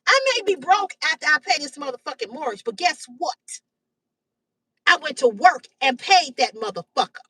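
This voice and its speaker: Woman in her fifties, very high voice, blunt profane live-stream rant, dry close sound. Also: animated, moderate pace, no echo, distant mic, poor audio. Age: 50s. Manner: blunt, loud, heavy cursing. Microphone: phone or webcam on a live stream.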